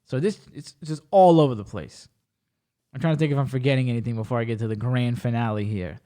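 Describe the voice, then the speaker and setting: A man's voice: medium pitch, fast talker. A man hosting a podcast, telling a story in casual chat, bluntly and with lots of profanity, acting out the voices of the people in it. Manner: animated, acts out quoted dialogue with shifting voice. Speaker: podcast host.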